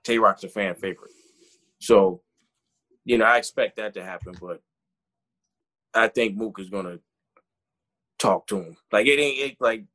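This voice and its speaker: A man's voice: on the low side, fairly bright tone. A man in casual chat, talking loosely with slang and plenty of fillers. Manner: laid-back, slangy, many fillers.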